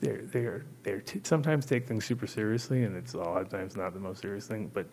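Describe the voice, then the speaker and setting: A man's voice: fairly low pitch, a little fast, a little mellow, a little hiss or hum. A man hosting a show, telling a long casual story full of swearing and acted-out quotes. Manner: rambling, profane, acts out voices in quotes. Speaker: host.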